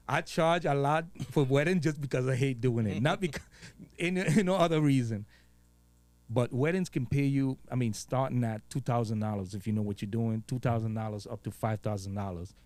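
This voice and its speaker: A man's voice: medium pitch, moderate pace, darkish tone, no room sound. Laid-back Virgin Islands man, dry sound. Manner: laid-back, street slang, frequent swearing and fillers. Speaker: guest DJ. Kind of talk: casual interview chat.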